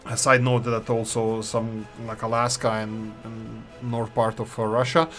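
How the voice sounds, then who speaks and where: This man's fairly low, slightly bright voice stays flat and unhurried, with faint music in the background. A Serbo-Croatian native speaker from former Yugoslavia, he hosts a gaming channel, rambling through casual gameplay commentary, voicing opinions and revising his own words.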